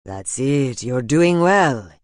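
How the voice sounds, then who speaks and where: A man voicing a calm, patient male mentor in an audiobook, speaking slowly and gently. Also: mid-range voice, no room sound, studio quality. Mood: warm.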